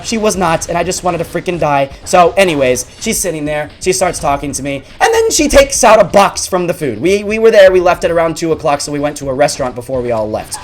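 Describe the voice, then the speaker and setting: A young man hosting a gaming video, telling a school story over gameplay in an animated, exaggerated way. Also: fairly high pitch, brisk, few pauses. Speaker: gaming channel host.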